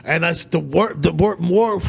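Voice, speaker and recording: High-voiced comedian telling stories. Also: male voice, measured pace, vocal fry, slightly rough. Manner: animated, acts out quotes in a raised voice. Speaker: comedian guest. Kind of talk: casual podcast storytelling.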